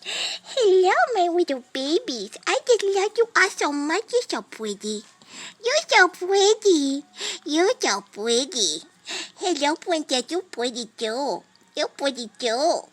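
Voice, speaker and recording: A doting, very high-pitched baby-talk voice coos the same fond phrases again and again, as a woman fusses over her animals. It is slow and drawn out, with a sing-song rise and fall. The tone is tender and repetitive. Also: big pitch swings, exaggerated voice.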